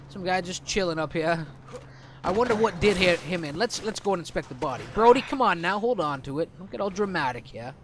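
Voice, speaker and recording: Man, let's play host: high, chatty voice, joking and laughing his way through the game, faint hiss under the mic. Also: fairly bright tone. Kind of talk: gameplay commentary.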